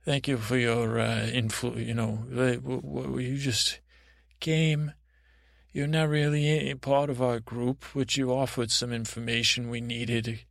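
A man voicing a proud, temperamental queen in a storybook tale, talking in halting, rambling runs full of restarts. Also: mid-range voice, flat delivery, creaky, no room sound, studio quality. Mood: commanding.

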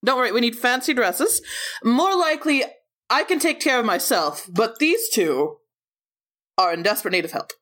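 A woman's voice: fairly high pitch, big pitch swings, normal speed, fairly bright tone. A woman voicing a poised, fashion-obsessed adventurer in a tabletop game. She speaks in a mock-genteel way, copying other people's accents.

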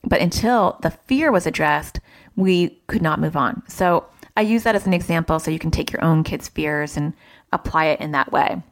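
Woman therapist, thirties, low voice, chatty, animated parenting advice. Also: normal speed. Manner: chatty, animated when quoting family. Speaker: child therapist and parenting coach. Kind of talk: casual advice talk.

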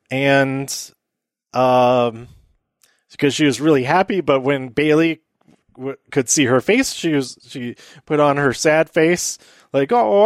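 A man's voice: on the high side, no room sound, studio quality. A man hosting a casual solo recap, rambling with many fillers and laughing at his own jokes. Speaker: podcast host recapping wrestling.

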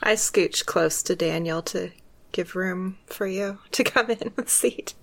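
A woman's voice: lowish voice, measured pace, vocal fry, pitched below the performer's own voice. A woman voicing a dazed young woman who rambles in a flustered way. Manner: flustered and rambling, laughs often.

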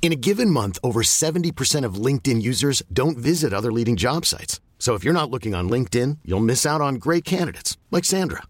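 A man's voice: medium pitch, very animated, fast, few pauses, no echo. Upbeat man ad announcer, dry. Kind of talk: radio ad read.

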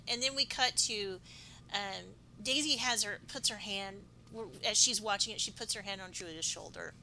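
Bright-voiced emotional woman podcaster. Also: mid-range voice, normal speed, a little hiss or hum, rough recording. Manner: emotional, chatty, drifts into personal stories. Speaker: podcast co-host. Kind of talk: casual recap chat.

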